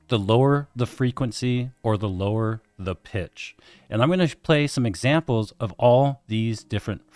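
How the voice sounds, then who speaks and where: A man's voice: mid-range voice, no room sound. A middle-aged man hosting an explainer video, teaching in plain, friendly layman's terms. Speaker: host explaining hearing tests.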